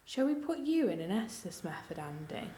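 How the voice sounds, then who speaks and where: A woman investigating an abandoned hospital at night, chatting teasingly and often dropping to hushed whispers. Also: mid-range voice, big pitch swings, normal speed, roomy sound. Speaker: paranormal investigator. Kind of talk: casual chat on a ghost hunt.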